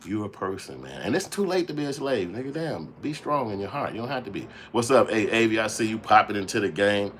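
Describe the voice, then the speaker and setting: A man's voice: lowish voice, big pitch swings, quick pace, hardly any pauses, a bit bright, a little hiss or hum. A man hosting a commentary livestream, ranting bluntly and with heavy profanity while calling out his chat viewers. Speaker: channel host commenting on a clip.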